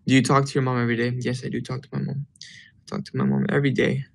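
A young man hosting a casual livestream from his phone, answering fan comments in a relaxed, chatty way with lots of fillers. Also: mid-range voice, fast talker, creaky, breathy edge. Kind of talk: casual livestream chat, switching between Spanish and English.

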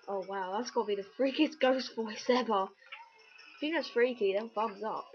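A woman rambles through casual let's-play commentary, cracking jokes as she goes. Her voice sits a little on the high side. The recording is muffled and lo-fi, with loud game music running underneath. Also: normal speed. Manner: chatty, jokey, rambling. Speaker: gameplay commentator. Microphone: webcam or computer mic.

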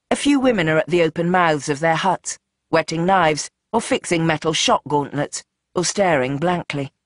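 An audiobook narrator reads with tense drama, rushing through action and slowing into dread. The voice is mid-pitched and the recording is dry and close. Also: no echo. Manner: tense, dramatic, shifting pace. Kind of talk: scripted narration.

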